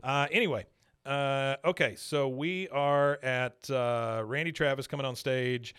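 Podcast co-host, male, mid-pitched, playful recapper with put-on voices, dry close sound. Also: measured pace, a bit bright, clean tone, no room sound. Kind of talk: casual chat.

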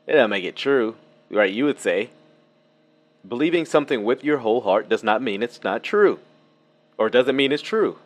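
A man hosting a casual reaction commentary, animated and laughing, with many fillers and restarts, a lawn mower buzzing behind him. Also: medium pitch, moderate pace, pauses often. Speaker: video commentator. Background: lawn mower buzz.

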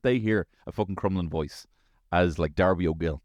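A man with a Dublin Irish accent, in his thirties, hosting a show with an animated, swearing comic monologue full of tag questions. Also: deep voice, normal speed, no echo.

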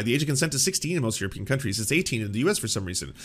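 A man's voice: mid-range voice, very animated, racing. A man hosting a political commentary show, talking in a sarcastic, mocking way and swearing freely.

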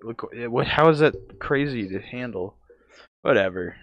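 A young man co-hosting a podcast in casual chat, laid-back and quick to laugh, swearing freely. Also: mid-range voice, expressive, fairly bright tone, dull audio. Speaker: podcast co-host.

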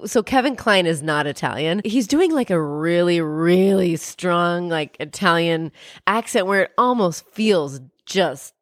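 A woman co-hosting a podcast, chatting casually and playfully, often adding quick asides. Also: on the low side, animated, dry recording, clean studio sound. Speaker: podcast co-host. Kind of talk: casual chat.

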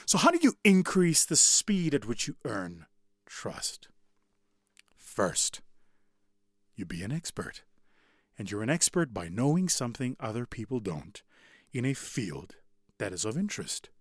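Animated man giving a motivational talk. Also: medium pitch, unhurried, pauses often, dry recording, studio quality. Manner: animated, conversational, asks the audience. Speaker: public speaker.

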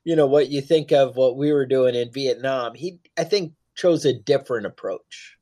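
A man's voice: mid-range voice, moderate pace, dark tone. A man co-hosting a podcast, talking casually in rambling, joking asides. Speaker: podcast co-host.

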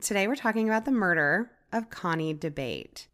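A woman's voice: medium pitch, animated, brisk, a bit bright. A woman co-hosting a podcast, teasing her partner into telling a story, then introducing the topic. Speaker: podcast co-host. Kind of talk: casual chat.

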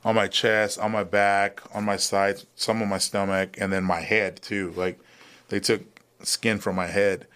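A man's voice: fairly low pitch, little pitch movement, unhurried, a bit bright. A young man, a guest in a casual interview, telling a long personal story with many fillers and restarts.

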